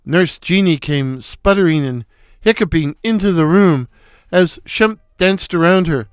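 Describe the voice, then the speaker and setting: A man narrating a comic story in a wry, unhurried storytelling manner. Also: fairly high pitch, clean tone, no echo, clean studio sound.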